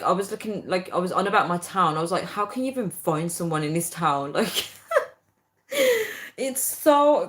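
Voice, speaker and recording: A young woman chatting casually to viewers, ranting in an animated way and laughing often. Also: medium pitch. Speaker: vlogger.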